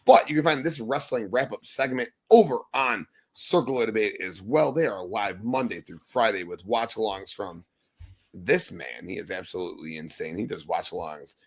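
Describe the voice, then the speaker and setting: A man's voice: on the low side, normal speed. A man hosting a casual wrestling podcast, upbeat and joking, swearing freely as he runs the panel. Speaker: podcast host. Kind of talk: casual sports podcast chat.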